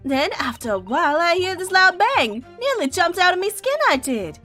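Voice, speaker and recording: A woman's voice: very high voice, very animated, normal speed, bright, forceful tone, faint music behind, pitched above the performer's own voice, exaggerated voice. A woman voicing a cocky young female pickpocket in a game, with brash, slangy street talk. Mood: recounting.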